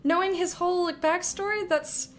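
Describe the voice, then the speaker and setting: A young woman streaming a game, chatting casually and excitably, often giggling. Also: very high voice, moderate pace. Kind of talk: casual gameplay commentary.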